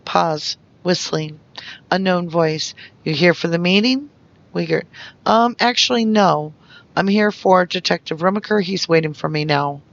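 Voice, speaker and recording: A reader going through investigation transcripts aloud, naming each speaker and stage note in a flat way. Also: medium pitch, a little slow, dull audio. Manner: reads out speaker labels and stage notes flatly.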